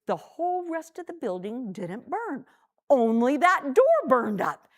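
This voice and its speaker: A woman voicing an excited, cheeky young boy in a children's story. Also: sits high, measured pace, heavily acted. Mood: eager. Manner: eager and boyish.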